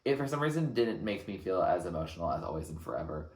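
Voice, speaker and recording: Deep gravelly man in an echoey room. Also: big pitch swings, a little mellow. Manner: earnest and thoughtful, pausing between phrases. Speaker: music reaction channel host. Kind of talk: reflective album reaction commentary.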